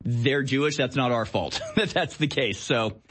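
A man's voice: medium pitch, measured pace, fairly bright tone. A man co-hosting a political commentary chat, talking in an insistent, ranting way. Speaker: co-host.

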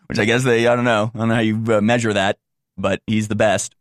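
A man giving casual commentary over video clips in an animated, rambling, incredulous way. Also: on the low side, brisk, no room sound, studio quality. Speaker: political commentator.

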